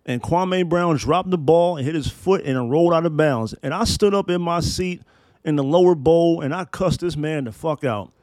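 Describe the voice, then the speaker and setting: A man's voice: on the high side, normal speed, a little mellow, no room sound. A man in his thirties hosting a solo podcast, talking in emphatic, profane, preacher-like build-ups. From Maryland, US. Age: 30s. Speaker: podcast host.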